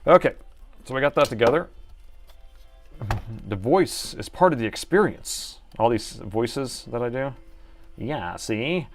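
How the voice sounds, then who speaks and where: A man's voice: medium pitch, animated, measured pace, pauses often, soft background music. A middle-aged man chatting through a live laptop repair, joking about himself as he works. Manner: chatty and self-mocking, talking while working. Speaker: repair technician streamer. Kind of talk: live repair stream commentary.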